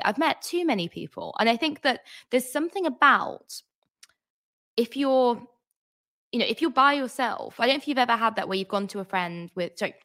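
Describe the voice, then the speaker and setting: A woman's voice: medium pitch, fairly bright tone. A woman author as an interview guest, chatty and thoughtful with many fillers. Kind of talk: casual interview chat.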